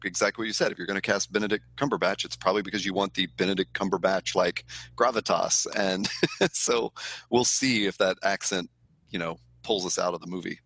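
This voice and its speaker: A man co-hosting a casual podcast, who talks in a hesitant, halting way. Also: sits low, steady tone, fairly bright tone, husky, no echo. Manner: hesitant, halting, laughs often. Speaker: podcast co-host. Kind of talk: casual chat about movies.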